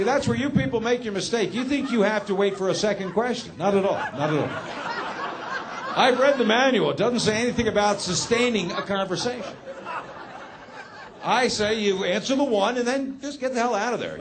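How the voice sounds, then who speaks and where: A man doing a stand-up comedy set, telling a story in a deadpan, sardonic way. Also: high-pitched, background noise.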